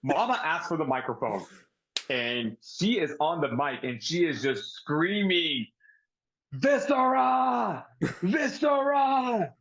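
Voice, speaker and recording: A man co-hosting a wrestling review show in casual chat, loud and animated. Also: fairly high pitch, measured pace, lo-fi sound. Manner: loud and animated, shouting mock impressions. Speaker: podcast co-host.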